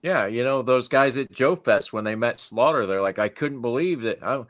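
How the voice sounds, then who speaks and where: A man's voice: mid-range voice, moderate pace, fairly bright tone. Laid-back cursing man telling anecdotes. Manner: profane, laid-back storyteller. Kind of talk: casual chat.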